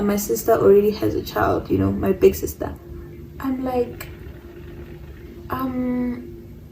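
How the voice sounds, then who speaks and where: A woman's voice: medium pitch, darkish tone, recorded from a distance, slight background noise, poor audio. A young woman telling a personal story in a casual storytime, rambling, repeating herself and stumbling over words. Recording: voice a bit off-mic.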